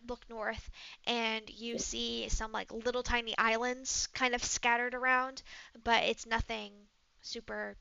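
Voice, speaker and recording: A woman game master narrating a tabletop role-play in a relaxed way, with many fillers. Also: a little high, gravelly, clean tone, no echo, dull audio.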